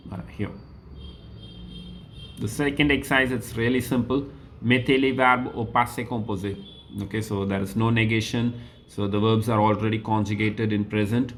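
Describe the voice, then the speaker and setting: A man teaching French grammar as a lesson, going through exercises slowly, repeating sentences and spelling words out letter by letter. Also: lowish voice, slight background noise. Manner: frequent "okay" and "so" fillers. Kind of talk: classroom lesson walkthrough.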